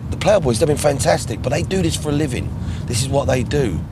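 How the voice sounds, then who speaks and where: A man's voice: on the high side, fast, background noise. A man narrating a TV documentary in a breezy, conversational way. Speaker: TV documentary presenter.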